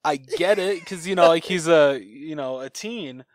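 A man with a fairly high voice co-hosts a podcast, chatting casually about a film at an unhurried pace, acting out lines and laughing. The recording is studio-clean with no echo.

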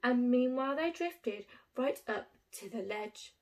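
A woman teacher reads a rhyming picture book aloud to small children. She has a high voice and a slow, unhurried pace, and she delivers the verse in an expressive, sing-song way.

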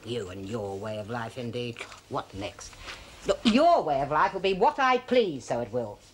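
A woman's voice: extremely low pitch, big pitch swings, normal speed. An actress playing a worldly mother who pleads with her cold daughter, swinging between bluster and pleading, in a period film drama. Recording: old film soundtrack with faint hiss.

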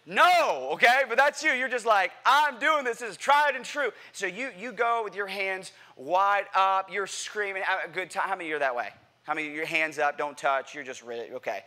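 Man, pastor, sermon in church, high bright voice, animated, playful, asks the congregation questions. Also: brisk. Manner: animated, playful, acts out quotes; addresses congregation directly with questions. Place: church sanctuary.

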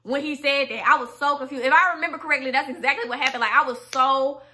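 A young woman in a casual storytime vlog, talking in an animated way, full of "like" fillers and swearing as she recounts a night out. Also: high-pitched, fast talker. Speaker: vlogger telling a personal story.

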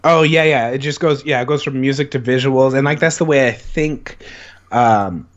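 The recording is muffled, carrying a young man's mid-range voice at an ordinary pace. Appearing as an interview guest, he tells stories with casual eagerness, wandering along and saying "like" over and over.

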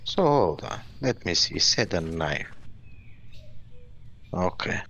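A man's voice: low-pitched, very animated, takes it slowly, creaky, sharp tone, breathy edge, muffled recording. A man giving casual, jokey gameplay commentary and talking back to the characters on screen. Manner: jokey, talks to game characters. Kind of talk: casual let's-play commentary.

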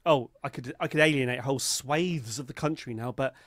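A man's voice: medium pitch, fairly quick, a bit bright, no room sound. A man co-hosting a podcast in casual chat, with dry, wry humour. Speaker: podcast co-host.

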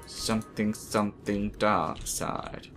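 A man's voice: fairly low pitch, level tone, slow, a bit bright, soft background music. A man giving casual let's play commentary over a game, sarcastic and mumbling, with swearing. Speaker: gaming video host.

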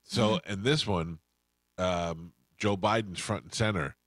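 A middle-aged man hosts a radio show, rambling through a story and playing every person in it. His voice sits very low. The studio sound is dry and close. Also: slow pace, fairly bright tone, dry recording. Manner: rambling anecdotes, acts out quoted voices. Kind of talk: casual storytelling chat.

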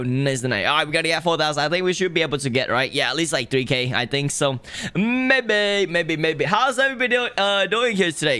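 A man's voice: a little high, pushed and bright, clear, resonant tone, no echo. A young man live-streaming a game, chatting casually and greeting viewers in the chat one after another.

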